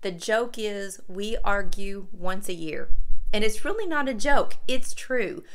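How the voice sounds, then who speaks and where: A woman's voice: medium pitch, lively intonation, measured pace, fairly bright tone, poor audio. A woman, chatting casually and candidly to her camera. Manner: chatty, friendly and candid, uses y'all. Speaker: vlogger.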